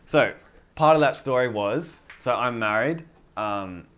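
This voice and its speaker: A man's voice: mid-range voice, lively intonation, unhurried, a bit bright, smooth. A young man preaching a casual sermon in a loose, chatty way, full of filler words and easy laughter. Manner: conversational, lots of filler likes, laughs easily.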